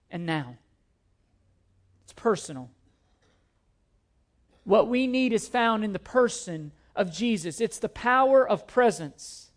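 Man, very high voice, pastor, emphatic sermon, repeats key phrases. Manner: repetitive, emphatic preaching with scripture quotes.

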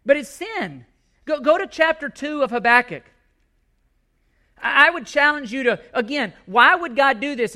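High, bright-voiced impassioned preacher man. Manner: impassioned, emphatic preaching with repetition. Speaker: pastor. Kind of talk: sermon.

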